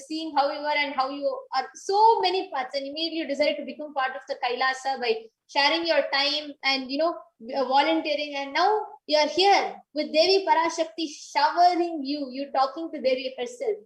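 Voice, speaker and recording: High-voiced woman host in an echoey room. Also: brisk, hardly any pauses. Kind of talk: interview questions.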